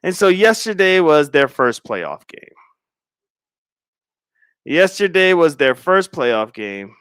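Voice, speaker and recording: Slow, animated man chatting on stream. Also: a little high, clean tone, no echo, studio quality. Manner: animated, laughing, dramatic storytelling, slangy. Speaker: livestreaming content creator. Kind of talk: casual livestream chat.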